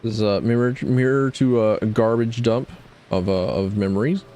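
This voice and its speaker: A man's voice: mid-range voice, normal speed, mellow. A man streaming a game, reading its text aloud and rambling through self-deprecating asides.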